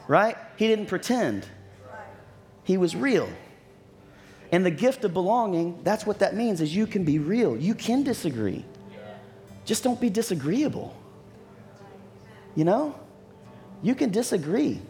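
A man preaching a sermon as pastor, telling stories and acting out what people said, with lively asides. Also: high-pitched. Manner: storytelling with acted-out quotes and lively asides.

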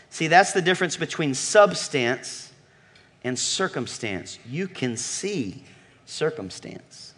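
A man preaching a sermon with emphatic delivery, shifting from loud calls to low murmurs and asking the congregation questions. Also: animated, slow pace, husky. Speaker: pastor.

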